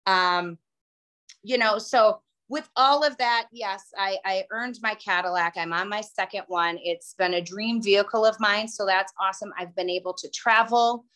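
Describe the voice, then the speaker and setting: A woman's voice: mid-range voice, moderate pace, fairly bright tone. A middle-aged woman telling her personal story to a group, chatty and emotional. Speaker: guest speaker.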